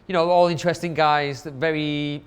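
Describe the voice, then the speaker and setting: A man's voice: a little high, fairly even intonation, normal speed, clear, resonant tone. A middle-aged man, chatting casually through a countdown, rambling with fillers. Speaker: club night promoter.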